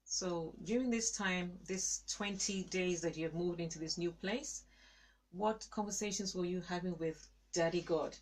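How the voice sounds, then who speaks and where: Woman host w/ a lowish voice, keeps nudging her guest along. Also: normal speed. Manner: encouraging, prompting questions. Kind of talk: interview with supportive backchannels.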